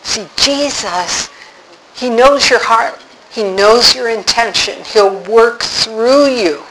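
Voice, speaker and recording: A woman giving a faith talk, telling a personal story in a slow, reflective way. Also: fairly high pitch, fairly bright tone, slight background noise, poor audio.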